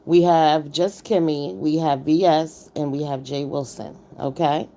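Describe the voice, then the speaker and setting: A woman's voice: low voice, fairly even intonation, measured pace, mellow. Blunt woman host on a casual livestream. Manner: blunt, greets chat viewers by name. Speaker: livestream host reviewing a contest.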